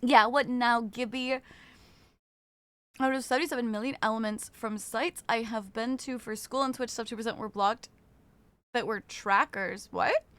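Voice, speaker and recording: Chatty young woman streamer, crisp voice. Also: a little high, fairly even intonation, moderate pace, a bit bright. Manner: chatty, greets chat by name, swears casually. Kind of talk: casual live-stream chat.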